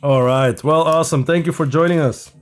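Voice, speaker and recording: A man's voice: on the high side, a little fast, clean tone. Casual man chatting through a build. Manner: relaxed, thinking aloud while building. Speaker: livestream host. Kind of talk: casual live-build chat. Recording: faint music behind.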